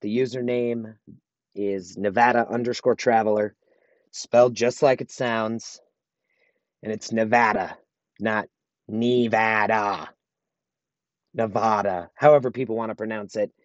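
A man's voice: on the low side, fairly even intonation, normal speed, a little mellow, no echo, dull audio. A married man hosting his own podcast alone, talking earnestly and motivationally, repeating phrases for emphasis. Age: adult, married. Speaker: podcast host. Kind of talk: solo podcast monologue.

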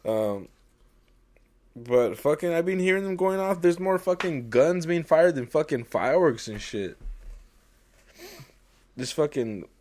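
A man's voice: on the high side, animated, a little slow, long pauses, darkish tone. A young man, co-hosting a casual podcast, rambling and swearing constantly, often laughing and acting out quotes. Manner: profane, rambling, laughs a lot, acts out quotes. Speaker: podcast co-host.

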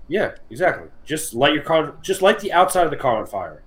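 A man co-hosting a podcast in loose, comedic chat, his voice sitting a little high. He rambles, swears freely and builds on absurd ideas. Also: sing-song, a little fast, a crowd in the background, poor audio. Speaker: podcast co-host.

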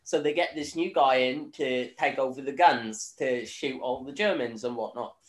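Speaking at a moderate pace with a mid-range voice, a young Northern Irish podcast host casually recaps a film. He rambles, swears, laughs and uses lots of fillers, and the recording has an echoey room sound.

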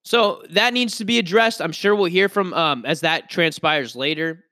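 A man hosts a solo sports podcast in a high, bright, forceful voice. He rants with frustrated emphasis and often stumbles and restarts mid-sentence. The sound is dry and close, with no room around it. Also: moderate pace, dry recording. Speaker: podcast host.

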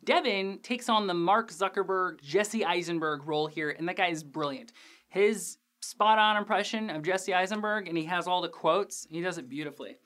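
A young man hosting a podcast, recapping an episode in a casual, animated, jokey way with crude asides and lots of fillers. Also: high voice, moderate pace. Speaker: podcast host reviewing a TV episode.

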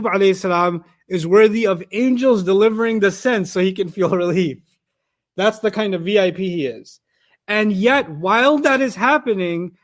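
A man giving an explanatory lecture on scripture, reading out Arabic terms and then explaining them in plain words. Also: high voice. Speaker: Quran teacher.

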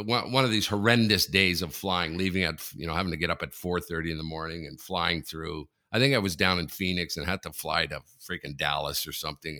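Animated Canadian man telling stories. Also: sits low. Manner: animated storyteller, laughs through anecdotes. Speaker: podcast co-host. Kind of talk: casual chat, storytelling.

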